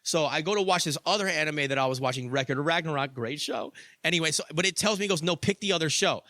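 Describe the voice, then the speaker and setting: A man's voice: a little high, fast, sharp tone, no echo, studio quality. A young adult man hosting a podcast, telling a story in a casual monologue, swearing freely and padding with "like" and "you know.". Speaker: podcast host.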